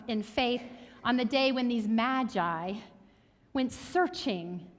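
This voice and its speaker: A woman pastor preaching a reflective sermon, sharing stories in a soft, thoughtful way. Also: high-pitched. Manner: reflective, storytelling, soft-spoken at times. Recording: reverberant hall.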